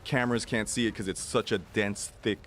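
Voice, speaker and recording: A podcast guest in his forties, speaking briskly in a lowish, steady voice with a slight hiss or hum, tells a long adventure story. It's animated storytelling full of fillers, with other people's voices acted out in quotes.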